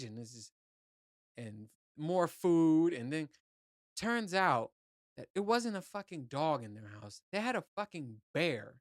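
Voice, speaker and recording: A man's voice: fairly high pitch, sing-song, measured pace, no echo, studio quality. A man hosting his own podcast, talking in a loose, rambling and profane way. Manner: rambling, profane, laid-back. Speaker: podcast host. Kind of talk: casual solo podcast monologue.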